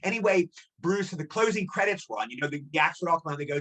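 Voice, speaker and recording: A man's voice: fairly high pitch, quick pace, hardly any pauses, pushed and bright. A man in his sixties, a guest actor telling rambling anecdotes in a casual interview and repeating himself.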